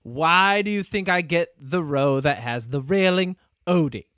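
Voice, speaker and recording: A man's voice: on the high side, measured pace, no echo, clean studio sound. A man co-hosting a podcast in casual chat, telling stories with lots of laughter and acted-out quotes. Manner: animated storyteller, laughs often, acts out quotes. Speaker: podcast co-host.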